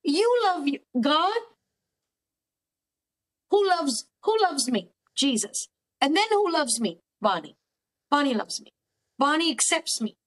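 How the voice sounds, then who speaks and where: High-voiced earnest woman therapist. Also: sing-song, slow, long pauses, fairly bright tone. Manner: earnest, emphatic, repeats words for stress. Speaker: cognitive therapist guest. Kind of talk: faith-based counselling conversation.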